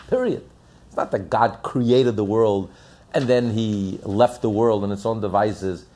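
A man preaching a religious lesson with a gravelly, husky voice. His pitch swings widely as he hammers his points home with repeated rhetorical questions. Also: a little mellow. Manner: emphatic, repetitive, rhetorical questions. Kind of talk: sermon.

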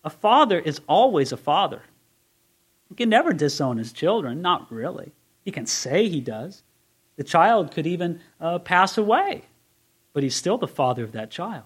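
Male Bible teacher with a high voice, earnest sermon delivery that swings from hushed to forceful. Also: sing-song, normal speed, husky. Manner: earnest, swings from quiet to emphatic. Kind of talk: expository sermon.

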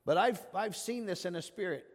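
A man's voice: high-pitched, a little fast, long reverb tail. A man preaching a conversational sermon, asking questions and calling on listeners by name. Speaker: pastor. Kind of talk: interactive sermon.

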